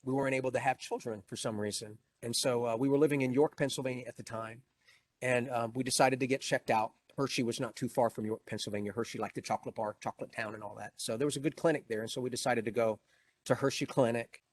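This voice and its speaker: A man's voice: mid-range voice, steady tone, fast talker. A middle-aged man giving an inspirational keynote talk, telling a personal story with emphasis and growing emotion. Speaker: motivational speaker.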